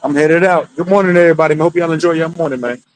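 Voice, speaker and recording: A man on a livestream who rattles off his words fast in a slightly high voice. He is blunt and challenging, and he repeats himself as he pushes his point. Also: rough recording. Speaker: livestream guest. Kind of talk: casual livestream chat.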